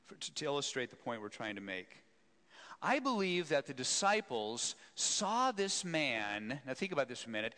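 Animated, bright-voiced male preacher in a hall. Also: mid-range voice. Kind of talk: sermon storytelling.

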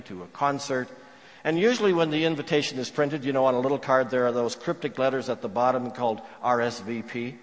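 A man preaching a sermon, telling stories earnestly and dropping to a hush for quoted prayers. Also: medium pitch. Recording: long reverb of a large hall.

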